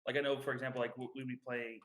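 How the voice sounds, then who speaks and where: A man's voice: medium pitch, level tone, rapid-fire, a bit bright. Rambling young man in casual chat. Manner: rambling, many fillers and restarts. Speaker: podcast co-host.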